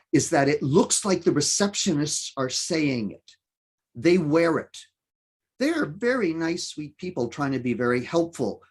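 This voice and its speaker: A man giving a presentation talk, emphatic and lively, with many fillers and self-corrections. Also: a little high, husky. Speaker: conference speaker.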